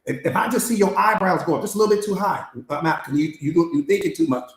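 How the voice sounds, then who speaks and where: A high-pitched man talks fast while coaching on mindset during a live-streamed motivational master class. His delivery is emphatic and repetitive, full of slang and rhetorical questions, and the recording has a lot of room echo.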